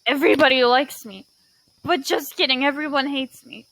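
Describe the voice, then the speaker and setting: A woman's voice: high-pitched, normal speed, fairly bright tone, dry recording, rough recording. A woman doing fake-cheery, sarcastic Orange Gran. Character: mock-cheery disliked character Orange Gran.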